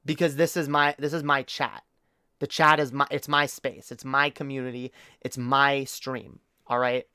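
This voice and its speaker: A man's voice: a little high, fairly bright tone, clean tone, no room sound, clean studio sound. A man talking to his chat on a live stream, rambling and opinionated, swearing casually among lots of fillers and restarts. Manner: earnest and opinionated, addresses chat directly.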